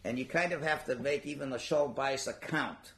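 The recording is very noisy, and the man talks fairly quickly in a mid-range voice. As a rabbi giving a casual Torah class, he's animated and jokey, performing everyday arguments and dialogue while weaving in Hebrew and Yiddish.

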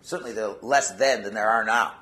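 A man voicing a wealthy, stubborn father who speaks loudly and insistently. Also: on the low side, a little fast. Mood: determined. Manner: loud, raised, insistent.

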